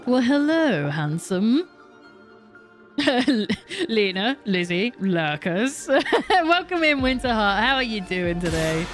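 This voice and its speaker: A young woman streams a video game and chats casually with viewers, swearing and laughing along the way. Her voice sits on the high side with big pitch swings, a slow delivery, and a fairly bright tone, while music plays behind her.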